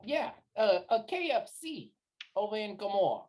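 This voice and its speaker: A woman playing an adventurer who puts on a low, muttering wise-guy manner. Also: animated, moderate pace, dark tone, close to an everyday voice. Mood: wheedling. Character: adventurer Galan playing a streetwise tough guy.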